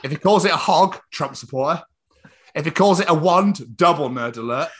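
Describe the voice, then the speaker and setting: Lively, bright-voiced British man joking around. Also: on the high side, normal speed. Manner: sweary, jokey, acts out little scenes in voices. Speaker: podcast host. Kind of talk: casual banter.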